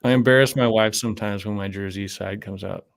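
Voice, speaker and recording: A man co-hosting a casual chat, easygoing and quick to laugh. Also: fairly low pitch, steady tone, vocal fry. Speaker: co-host.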